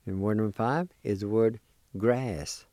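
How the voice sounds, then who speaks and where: A man teaching a vocabulary lesson, patiently spelling out each word letter by letter and pronouncing it slowly. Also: lowish voice, warm tone, no echo. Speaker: language teacher. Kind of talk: slow spelling and pronunciation lesson.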